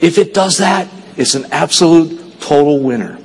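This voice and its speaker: A man's voice: expressive, moderate pace, creaky, slight background noise. Earnest man speaking in a big hall. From Texas. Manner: storytelling, earnest, dips low and quiet at sad moments. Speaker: motivational speaker. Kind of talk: stage speech to a conference audience.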